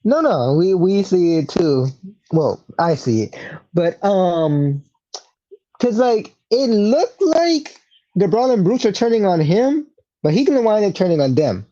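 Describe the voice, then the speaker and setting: Mellow laid-back podcast co-host. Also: mid-range voice, sing-song, measured pace, dull audio. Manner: laid-back, chuckles, brief replies. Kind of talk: casual wrestling chat.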